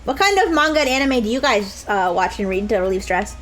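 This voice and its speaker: A woman's voice: a little high, animated, fairly quick, fairly bright tone, rough recording. A young woman streaming a game live, chatting to viewers with crude jokes and frequent laughter, sometimes slipping into mock sobbing. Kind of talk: live-stream gameplay commentary.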